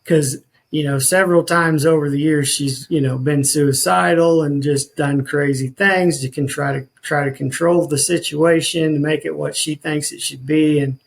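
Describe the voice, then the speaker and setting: A man's voice: fairly high pitch, fairly even intonation, normal speed, gravelly, low-quality recording. A man, a podcast guest telling his life story in an earnest, rambling way with many restarts. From rural northwest Missouri.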